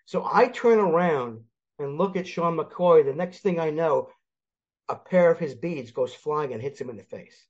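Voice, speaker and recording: An older man from Philadelphia, a guest in a casual sports chat, telling lively stories and acting out the people in them. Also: a little high, a little slow. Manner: animated storyteller, acts out quoted voices. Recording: dull lo-fi audio.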